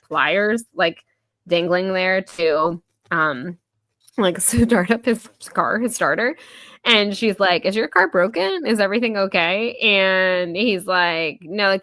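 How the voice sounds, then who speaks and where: A woman talking through a book in easy, casual chat. She leans on filler words and keeps slipping into the characters' lines. Her voice is bright and a little low-pitched, recorded dry and close. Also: dry recording. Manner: chatty, many fillers, quick voiced quotes. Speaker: podcast host.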